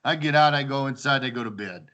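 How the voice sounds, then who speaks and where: A man telling old house-party stories in a casual chat, animated, acting out quoted lines and laughing often. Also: mid-range voice, fast, background noise. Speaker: storyteller among old housemates.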